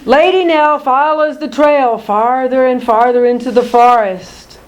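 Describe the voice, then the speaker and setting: Slow, high-voiced woman reading a picture book. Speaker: narrator. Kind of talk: children's picture-book read-aloud.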